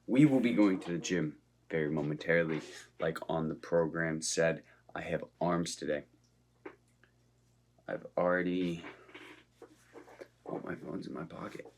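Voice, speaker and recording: A man's voice: deep voice, slow, long pauses, a little mellow, slight background noise. A man vlogging in a casual, upbeat way, talking straight to his viewers. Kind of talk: casual vlog chat.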